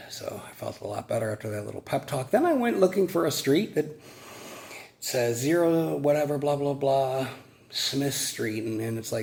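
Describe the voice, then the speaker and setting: A gravelly-voiced man rambles through a hot workday as an exterminator. He swears freely, leans on "you know" over and over, and sometimes sinks into a low mutter. He sounds overheated and sweaty, with a mid-pitched voice. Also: animated, moderate pace, darkish tone. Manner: rambling, profane, says "you know" constantly. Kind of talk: casual vlog rambling.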